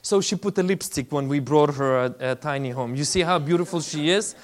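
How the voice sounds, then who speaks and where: A man, a faith-based relief leader giving a lively testimony talk with slides and acting out the people he quotes. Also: on the high side, fairly quick. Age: 40s. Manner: animated storyteller, acts out quoted voices.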